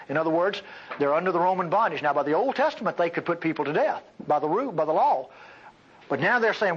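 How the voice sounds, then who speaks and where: A man preaching a sermon in a high, husky voice. He is emphatic, with sudden loud bursts and then quiet, low asides. The recording sounds dull and lo-fi. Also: lively intonation, quick pace.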